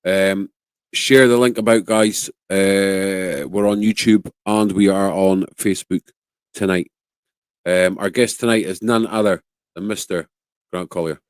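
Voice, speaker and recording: A man's voice: sits low, steady tone, unhurried, clear, resonant tone, no room sound. A man hosting a live online show, swearing freely and bantering with his guest. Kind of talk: casual live-stream chat.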